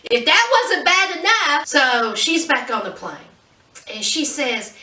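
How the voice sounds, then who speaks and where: Sassy high-voiced woman vlogger. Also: expressive, takes it slowly, sharp tone. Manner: chatty, sassy, says "honey". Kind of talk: casual pop-culture commentary. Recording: roomy echo, distant mic.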